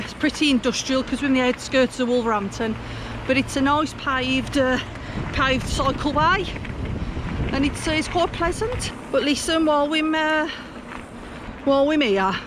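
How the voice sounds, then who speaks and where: A woman with a Black Country accent, giving jokey, down-to-earth commentary while out on a canal towpath. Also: high-pitched. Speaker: vlog presenter. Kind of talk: chatty outdoor vlog commentary. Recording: outdoor noise on the mic.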